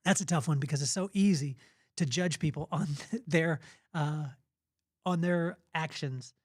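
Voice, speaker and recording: A man's voice: fairly high pitch, unhurried, dry recording, studio quality. A middle-aged man hosting a podcast, giving an earnest, preachy motivational faith talk with spontaneous storytelling. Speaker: podcast host.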